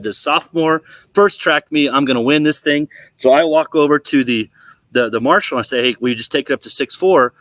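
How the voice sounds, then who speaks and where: A middle-aged man spins a sports yarn with animated energy, acting out every quoted line. His pitch sits in an ordinary middle range. The sound is dry and close, with no room around it. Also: no room sound. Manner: animated storyteller, acts out quotes. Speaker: former college quarterback, guest. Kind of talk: casual storytelling on a sports talk show.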